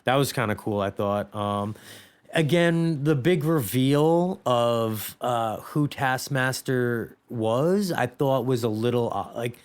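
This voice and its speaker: A man's voice: medium pitch, slow, clear, resonant tone. A man co-hosting a podcast, chatting casually about a movie, rambling with lots of fillers and restarts. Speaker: podcast co-host.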